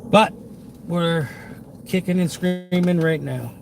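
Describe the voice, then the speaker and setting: A man's voice: sits high, takes it slowly, vocal fry. A man with a Boston accent chatting upbeat with his viewers while driving for a food delivery job, in a car with the window cracked. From Massachusetts. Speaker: food delivery driver livestreaming. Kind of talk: casual live-stream chat while driving. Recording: loud wind and road noise in car. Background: traffic and wind through open window.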